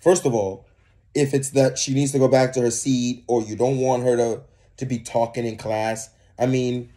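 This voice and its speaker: A man's voice: medium pitch, fairly even intonation, normal speed, warm tone. A young man co-hosting a reaction video, ranting in heated, profane casual commentary.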